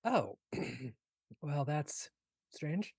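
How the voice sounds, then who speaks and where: A man's voice: fairly high pitch, very animated, extremely slow, darkish tone, slightly rough, no echo, clean studio sound. Man playing a tabletop role-play character. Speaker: player.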